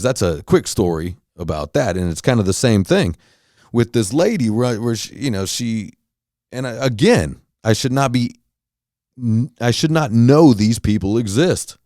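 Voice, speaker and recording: Low-voiced man ranting, dry close sound. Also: darkish tone, no room sound. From Los Angeles County, Southern California. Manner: profane, heated storytelling with frequent restarts. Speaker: podcast host. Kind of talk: casual monologue rant.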